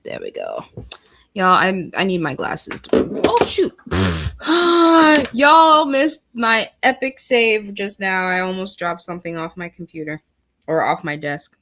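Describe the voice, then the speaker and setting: A woman's voice: lowish voice, huge pitch swings, measured pace, pushed and bright. A woman hosting a casual livestream, chatting with viewers and reading weather forecasts aloud. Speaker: livestream host.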